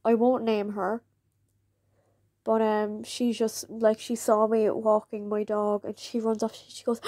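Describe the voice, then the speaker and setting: A woman's voice: mid-range voice, level tone, measured pace, warm tone, no echo, clean studio sound. A woman, telling a personal story in a candid, chatty way and laughing often. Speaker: vlogger.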